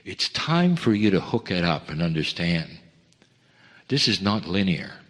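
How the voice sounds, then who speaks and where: A man delivering a channeled spiritual message in slow, heartfelt, broken phrases, rising to emphatic lines and dropping to hushed ones. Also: very animated. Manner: swings between raised emphatic lines and hushed low ones. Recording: long reverb of a large hall.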